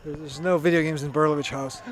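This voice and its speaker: A man's voice: fairly high pitch, fairly even intonation, fast. A man doing color commentary at a youth soccer game, chatty, with joking asides and substitution updates. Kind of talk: casual sports commentary. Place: outdoor soccer field. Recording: faint outdoor noise.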